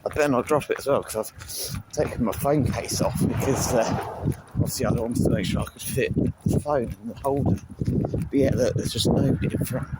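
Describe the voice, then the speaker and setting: A man's voice: medium pitch, normal speed. A man vlogging casually, rambling with lots of fillers, speaking into a handheld phone outside on a seaside promenade. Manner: rambling, chatty, full of fillers. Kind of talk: casual vlog chat. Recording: loud outdoor background noise.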